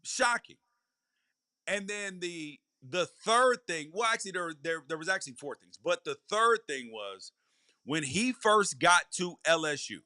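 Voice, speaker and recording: A man's voice: high voice, sharp tone, no echo, clean studio sound. A man hosting a live college football podcast, a former player giving emphatic commentary and hammering his points home by repeating them. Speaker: podcast host.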